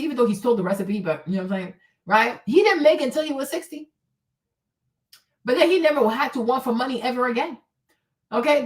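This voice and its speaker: A woman hosting a stream, ranting bluntly and profanely, mocking whiners and urging faith. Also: on the high side. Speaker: host. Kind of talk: uncensored motivational rant. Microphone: streaming mic.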